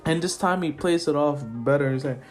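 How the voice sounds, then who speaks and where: A man's voice: on the high side, fairly quick, a little mellow, faint music behind. A young man, the channel's host, casually narrating a fan story in a rambling, laid-back, jokey way.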